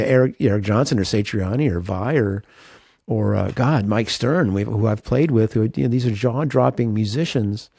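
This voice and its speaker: Guitarist guy being interviewed, earnest and self-deprecating, mellow tone, middle pitch. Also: no room sound, studio quality. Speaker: guest guitarist. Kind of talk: reflective interview talk.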